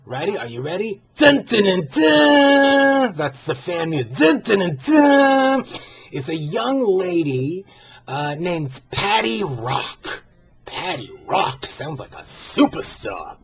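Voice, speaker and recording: A man's voice: fairly high pitch, sing-song, takes it slowly, crowd noise, heavily acted. A man voicing a brassy, gossipy older Jewish woman who hosts a comedy show, talking in a flamboyant, theatrical way. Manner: flamboyant, theatrical, keeps gushing "fabulous". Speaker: host of a comedy show segment. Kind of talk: comedic character monologue.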